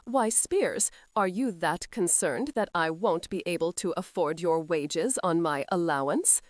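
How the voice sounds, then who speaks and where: A woman narrator voicing a mocking, arrogant young male earl who speaks in a slow, sarcastic drawl. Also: fairly low pitch, no echo, clean studio sound, close to an everyday voice. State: injured, sore ribs.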